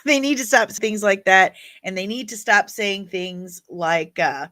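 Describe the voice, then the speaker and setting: Slow-talking woman hosting a livestream. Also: medium pitch, sharp tone. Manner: opinionated and chatty, reacting to viewer comments. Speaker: livestream host reading chat. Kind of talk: casual livestream chat.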